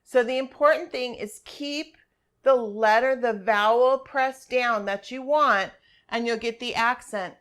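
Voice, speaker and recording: Slow, patient woman teacher. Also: on the high side, a bit bright, clean tone. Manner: patient, repeats instructions step by step. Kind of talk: screen-share class walkthrough.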